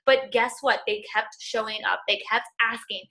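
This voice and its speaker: A young woman with a raised, bright, forceful voice gives her team an earnest pep talk over a group call. She is casual and encouraging and keeps dropping in "like" and "y'all". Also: a little high, steady tone, moderate pace. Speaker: fitness coaching team leader.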